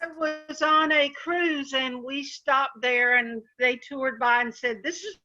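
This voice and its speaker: Lady on a zoom class, high bright voice, slow and kinda unsure. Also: muffled recording. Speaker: class participant. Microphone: video call.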